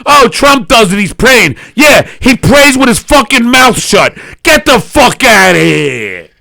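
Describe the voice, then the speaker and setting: A middle-aged man, a comedian guest, ranting with loud, profane sarcasm that swings between shouting and mumbling. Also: extremely high pitch, very animated, unhurried, vocal fry, no echo. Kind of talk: profane political rant and casual chat.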